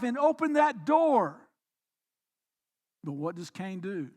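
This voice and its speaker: A man with a very high voice preaches from the pulpit. He drops into quiet, reflective passages, then rises into emphatic, pressing exhortation. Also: big pitch swings, slow pace, long pauses. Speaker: pastor. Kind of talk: sermon. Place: church.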